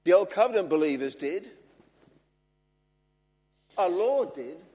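Man, preaching, high voice, slow and earnest, long echo of a big hall. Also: lively intonation, a little mellow. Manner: earnest, measured, with emphatic repetition. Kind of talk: sermon.

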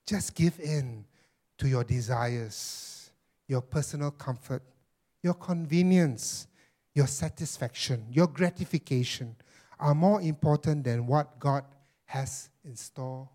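A man's voice: takes it slowly, dark tone. A man preacher voicing a sinister male devil who taunts with persuasive questions. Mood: taunting. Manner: taunting rhetorical questions, raised pitch.

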